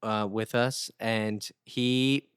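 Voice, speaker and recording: Man telling an animated story on a podcast. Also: fairly low pitch, very slow, clean tone, no echo, studio quality. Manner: animated storyteller, acts out quotes. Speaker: podcast regular. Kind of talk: casual storytelling chat.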